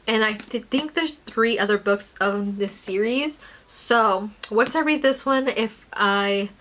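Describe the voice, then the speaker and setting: A woman's voice: a little high, a bit bright. A young woman chatting casually about her book haul, rambling with lots of fillers and self-corrections. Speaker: book vlogger.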